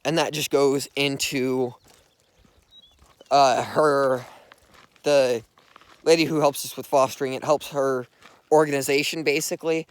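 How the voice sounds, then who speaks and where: With a clear, resonant, medium-pitched voice, a young male vlogger speaks at a measured pace with little pitch movement and many pauses, in a dry recording. He's outdoors walking a dog along the streets, telling an earnest, rambling story heavy on "like."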